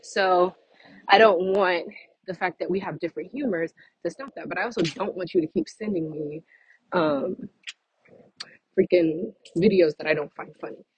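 A young woman vlogger vents casually to her followers while walking outdoors, a little out of breath, chatty and exasperated, with laughing asides. Her voice is fairly low and slightly rough at a normal speed. There's no room sound, and the highs are cut off.

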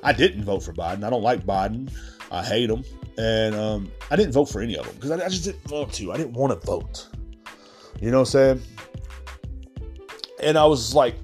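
A man's voice: medium pitch, expressive, brisk, long pauses, darkish tone, soft background music. A man hosting a podcast, rambling through a casual, profane solo rant. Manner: rambling, profane, laid-back. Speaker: podcast host.

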